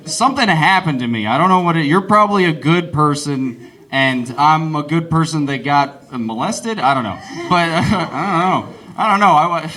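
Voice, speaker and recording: A man's voice: a little high, pushed and bright. A young man doing live stand-up, rambling and self-deprecating and laughing at his own jokes. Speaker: stand-up comedian.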